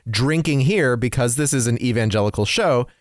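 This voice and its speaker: A man's voice: mid-range voice, normal speed, no echo, studio quality. A man co-hosting a podcast, chatting casually and recapping a story with frequent laughs. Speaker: podcast co-host.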